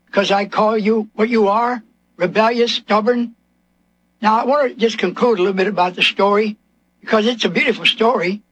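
A man's voice: sits high, a bit bright. A man preaching a sermon, asking his listeners question after question and acting out the voices from scripture.

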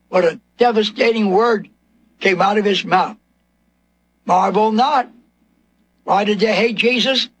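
A man's voice: high voice, a bit bright. A man preaching a sermon, asking his listeners question after question and acting out the voices from scripture.

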